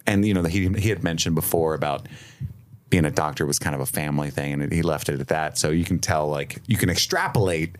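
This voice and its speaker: Deep-voiced man chatting on a podcast. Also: brisk. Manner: animated, laughing, profane. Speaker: podcast co-host. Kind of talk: casual chat.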